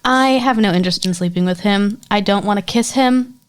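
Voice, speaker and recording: A woman's voice: mid-range voice, a little fast, clear, resonant tone. A woman co-hosting a podcast in casual chat, talking bluntly with strong opinions and plenty of swearing. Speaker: podcast co-host.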